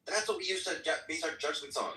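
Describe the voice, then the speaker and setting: A man's voice: fairly high pitch, lively intonation, quick pace, bright, forceful tone. A man arguing hotly and profanely in an online voice-chat debate. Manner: heated, profane, emphatic. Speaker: debate participant. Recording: roomy, distant mic, faint noise.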